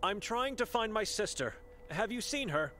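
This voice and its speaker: A man's voice: sits high, big pitch swings, normal speed, bright, forceful tone, a little hiss or hum, exaggerated voice. An actor playing a monk from Hungary who searches for his missing sister, asking polite, anxious questions.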